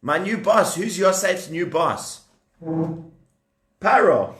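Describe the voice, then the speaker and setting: A man in his thirties telling a puppet story to children at home, animated and asking the kids questions as he goes. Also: sits high, slow pace, echoey room.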